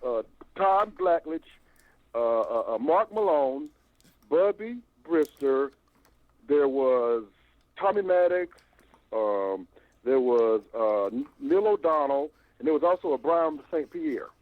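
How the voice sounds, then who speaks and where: An older man calling in by phone to a fan show, talking in a long, animated, stammering rant. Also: medium pitch, slow, no echo. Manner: animated, repeats himself, stammering restarts. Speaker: phone-in caller. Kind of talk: rambling call-in rant. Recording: tinny phone line, dry.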